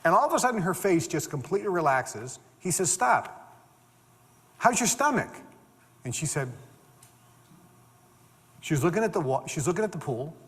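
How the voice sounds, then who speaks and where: An older man giving an animated storytelling talk as a motivational speaker, repeating words and acting out the people in his stories. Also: on the high side, brisk, long pauses. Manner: animated, repeats words, acts out quoted dialogue. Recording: long reverb of a hall.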